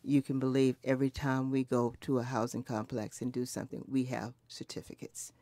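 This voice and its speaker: A woman in her seventies, interviewed for an oral history recording, reflects earnestly on her mother and grandmother, frequently starting sentences over. She speaks briskly in a rumbling low, dark voice with little pitch movement, and there is no echo.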